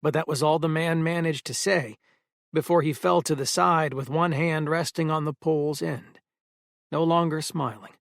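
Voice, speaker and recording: Gravelly male audiobook narrator. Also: on the high side, moderate pace, no echo, studio quality. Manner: steady storytelling. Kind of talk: first-person audiobook narration.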